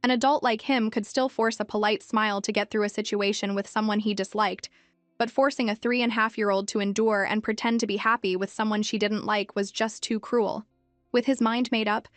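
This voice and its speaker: A woman narrating a story recap in an even, measured storytelling manner. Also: mid-range voice, no room sound, soft background music.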